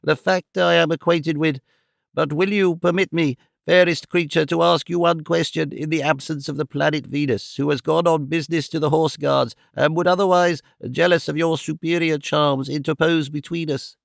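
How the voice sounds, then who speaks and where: A man's voice: on the high side, steady tone, moderate pace, creaky, no room sound, clean studio sound. A man voicing an eccentric, flowery old male neighbour in an audiobook reading. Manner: flowery, theatrical, drawn out.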